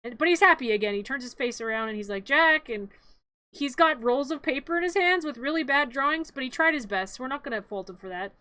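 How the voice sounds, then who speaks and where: A woman's voice: sits high, expressive, fast, sharp tone, dry recording. A woman streamer casually and comically narrating her own drawings, rambling, giggling and talking back to them.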